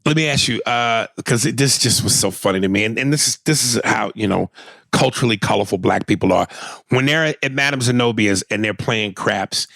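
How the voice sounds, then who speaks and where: A man co-hosting a podcast in casual chat, animated and swearing freely. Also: lowish voice, brisk, vocal fry, no echo, studio quality. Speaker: podcast co-host.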